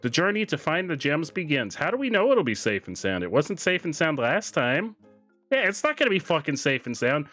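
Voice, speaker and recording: A man's voice: fairly high pitch, moderate pace. A man casually commenting on a video game as he plays, joking and reading the on-screen text aloud. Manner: animated, jokey, reads game text aloud. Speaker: streamer. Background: faint game music.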